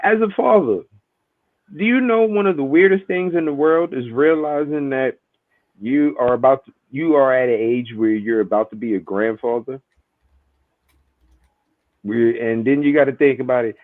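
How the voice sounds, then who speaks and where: A man in his forties, a podcast co-host in casual chat, animated, swearing and laughing often. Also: mid-range voice, normal speed, dry recording. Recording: tinny phone-like line.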